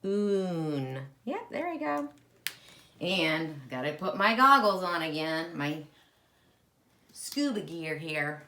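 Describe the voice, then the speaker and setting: Slow sing-song kindergarten teacher woman. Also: low-pitched, lively intonation, pushed and bright, a little hiss or hum. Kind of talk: children's lesson.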